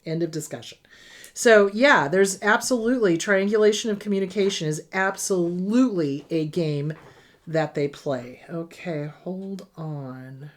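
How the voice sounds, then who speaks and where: A woman's voice: fairly low pitch, a little slow. Emphatic, blunt woman therapist. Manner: emphatic, blunt, acts out abusers in mocking voices. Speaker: therapist answering viewer questions. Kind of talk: live Q&A advice talk.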